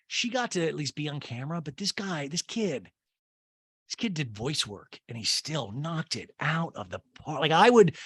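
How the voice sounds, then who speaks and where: A man's voice: mid-range voice, a bit bright, husky, dry recording. A man hosting a comedy podcast, recapping a reality show in a rambling, profane, joking way. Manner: rambling, profane, jokey asides and impressions. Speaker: podcast host.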